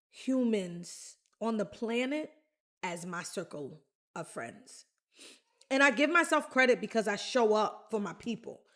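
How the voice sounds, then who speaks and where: A woman's voice: medium pitch, a bit bright. A woman from the Bronx, hosting a podcast and telling a personal story in a chatty, candid way, talking straight to her listeners. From the Bronx, New York. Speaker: podcast host.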